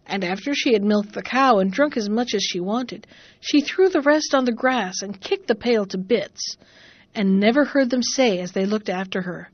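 A woman narrating a fairy tale in a measured, expressive reading voice. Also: mid-range voice, no room sound, muffled recording. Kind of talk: storybook narration.

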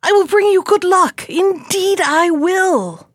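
A small magic fish, male, in a read-aloud storybook, voiced by a woman, speaking high and earnest with a pleading, bargaining manner. The voice climbs well above the narration and swings widely. The recording is dry and close. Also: animated, slow pace, fairly bright tone, no room sound, exaggerated voice.

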